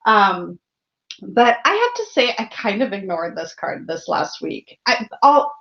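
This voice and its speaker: A woman's voice: medium pitch, big pitch swings, measured pace, fairly bright tone, dull audio. A woman hosting a tarot livestream, chatting casually, greeting viewers by name and laughing often. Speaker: tarot channel host.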